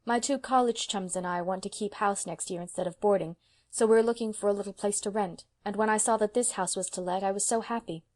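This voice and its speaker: Earnest young college girl, woman reading, gentle, a bit hesitant. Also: mid-range voice, a little fast, close to an everyday voice.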